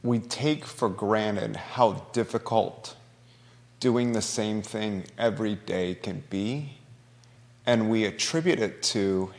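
A man's voice: lowish voice, takes it slowly, a little mellow, in a large hall. A man hosting a local talk show, speaking earnestly and conversationally, at times emotional. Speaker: radio show host. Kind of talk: talk radio monologue.

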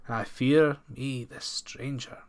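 A man reading aloud and voicing the oldest, wisest man of the countryside, who speaks slowly and solemnly in old-fashioned words. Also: medium pitch, fairly even intonation, darkish tone. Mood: grave. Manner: slow, solemn, archaic speech.

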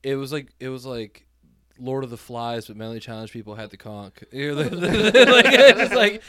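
A young man co-hosting a podcast, teasing the others with quick jokes in casual banter. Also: mid-range voice, steady tone, clear, resonant tone. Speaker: podcast co-host.

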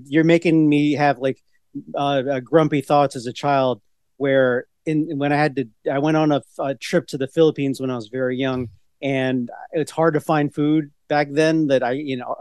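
A man's voice: a little high, darkish tone, smooth, dry recording, clean studio sound. A middle-aged man co-hosting a casual podcast chat, rambling from one story to the next with many restarts. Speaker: podcast co-host.

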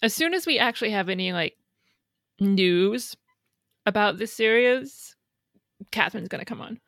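A young woman co-hosting a podcast, chatting in a relaxed, wry way. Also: mid-range voice, moderate pace, no echo, studio quality. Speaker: podcast co-host. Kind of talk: casual chat.

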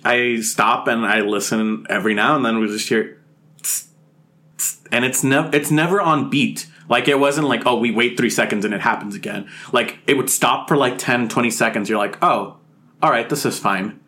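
A man telling a ghost story as a podcast guest, animated and laughing, swearing freely as he acts out his own past reactions. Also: medium pitch, normal speed. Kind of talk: casual podcast anecdote.

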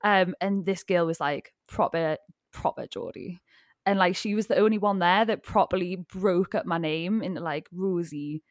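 A woman's voice: fairly low pitch, moderate pace, no echo, clean studio sound. A woman from the coast, hosting a panel chat in a bubbly, giggly, rambling way. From North East England coast. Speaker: panel host. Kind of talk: casual panel discussion.

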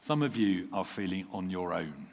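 A man preaching a sermon in a relaxed, conversational way, self-deprecating and chuckling now and then, sounding tired. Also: deep voice, moderate pace. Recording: long reverb from a large hall.

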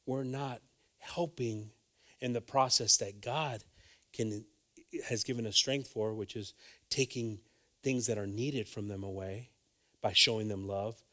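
A man's voice: on the low side, fairly even intonation, measured pace, sharp tone. A man preaching a sermon in an earnest, emphatic way, repeating phrases for weight.

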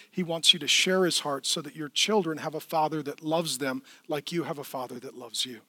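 Male pastor, high-pitched and bright, dry close sound, delivering an impassioned sermon that drops into soft tenderness. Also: dry recording. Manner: impassioned preaching, swinging from loud pleas to quiet tenderness. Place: church.

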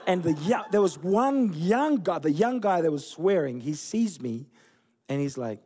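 Animated storytelling pastor, man in forties. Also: on the high side, unhurried. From Fiji. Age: 40s. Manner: storytelling, animated, laughing at himself. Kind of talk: sermon. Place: church.

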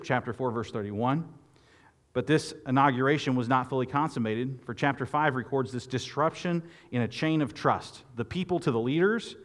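A man preaching a sermon, lively and expressive, often repeating words and restarting phrases as he talks. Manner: expressive preaching, rising loud and high when quoting Moses. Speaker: pastor.

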